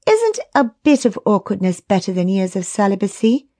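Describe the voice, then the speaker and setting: A woman's voice: mid-range voice, sing-song, moderate pace, mellow. A woman narrator voicing the heroine's own dialogue, a direct, teasing young woman.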